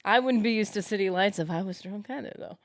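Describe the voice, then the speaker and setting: A woman's voice: medium pitch, quick pace, no echo, clean studio sound. A woman streaming a game live, chatting casually and thinking aloud as she answers her viewers. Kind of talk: casual live-stream chat while gaming.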